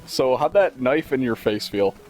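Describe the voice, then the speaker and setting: A man's voice: mid-range voice, expressive, normal speed, a little mellow, faint music behind. A man co-hosting a casual let's-play, laughing often and joking along while playing. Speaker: gaming show co-host.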